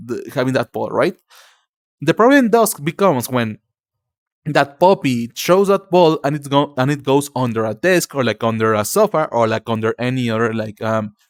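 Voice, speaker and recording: A young man with a Spanish accent chats to his viewers on a live stream, his pitch swinging high and low. He restarts his sentences a lot and calls people cutie and darling. The sound is dry and close, with no room around it. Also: dry recording. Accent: Spanish-speaking. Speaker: livestreamer. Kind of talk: casual stream chat.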